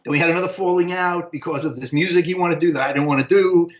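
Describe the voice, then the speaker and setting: A man, casually telling animated stories, and he sometimes acts out voices in a high, excited tone. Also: fast. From Brooklyn, New York. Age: 60s. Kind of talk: casual storytelling. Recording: echoey, dull video call audio.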